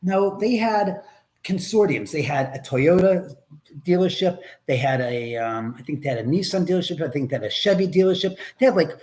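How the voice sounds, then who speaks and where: Male live-stream host, raised and very expressive pitch, rambling and profane. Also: normal speed. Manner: animated, profane, reads viewer comments aloud.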